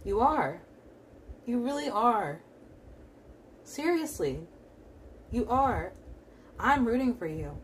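A young woman giving a pick-a-card tarot reading, talking casually with lots of fillers and repeating warm affirmations to the viewer. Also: fairly high pitch, very animated, takes it slowly, pauses often, a little hiss or hum. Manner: encouraging, repetitive affirmations. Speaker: tarot reader.

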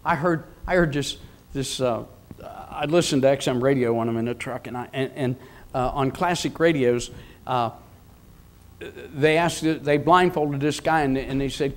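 A man's voice: medium pitch, a little slow. A man in his seventies preaching a sermon, emphatic and repetitive, leading the congregation in call-and-response. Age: 70s. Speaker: pastor.

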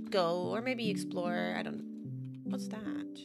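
A woman giving casual, chatty gameplay commentary, easily excited and gasping at new finds. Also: mid-range voice, slow. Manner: chatty, excitable, gasps at discoveries. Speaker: Minecraft gaming creator. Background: background music.

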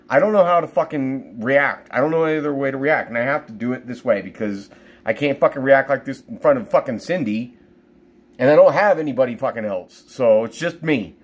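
A man's voice: medium pitch, expressive, a little fast, husky. A middle-aged man in pain, venting angrily and swearing in a personal video diary. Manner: profane, venting, bursts of loud anger. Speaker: vlogger.

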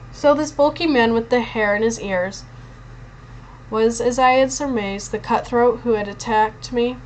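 A woman narrating a novel in the first person, expressive but with occasional stumbles over words. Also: on the high side, measured pace, a little hiss or hum, low-quality recording. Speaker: audiobook reader.

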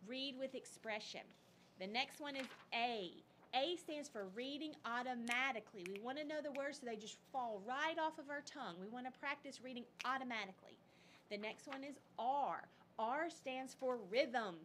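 A woman teaching second graders in a recorded lesson, upbeat and expressive in a teacherly way. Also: high voice, moderate pace, a little hiss or hum.

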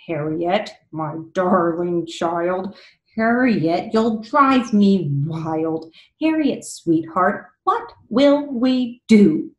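A woman voicing a gentle, exasperated young mother who pleads in a sing-song way, rising on each last word. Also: medium pitch, takes it slowly, slight background noise. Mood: pleading exasperated. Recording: echoey room.

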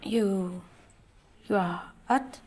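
Shy french girl, halting english, mellow and slow. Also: mid-range voice, slight background noise. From France. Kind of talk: film drama acting.

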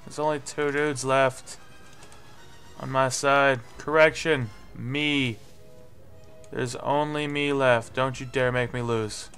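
A young man talks through a shooter game at an unhurried pace, close to a desk mic. He swears freely and blows up in frustrated yells. Faint music plays under his voice. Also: mid-range voice, fairly even intonation, smooth. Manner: swearing, frustrated, yelling in bursts. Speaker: gameplay commentator. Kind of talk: live game commentary.

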